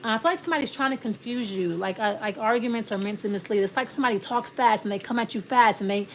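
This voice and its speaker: A woman's voice: on the high side, fast, slight background noise. A woman giving a casual, rambling tarot reading, often restarting her sentences and acting out imagined back-and-forth exchanges. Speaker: tarot reader.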